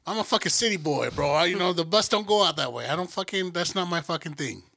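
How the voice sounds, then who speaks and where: Animated profane man telling stories. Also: quick pace, creaky. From Colorado. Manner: animated, profane, jumps into high excited voices when quoting. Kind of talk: casual storytelling chat.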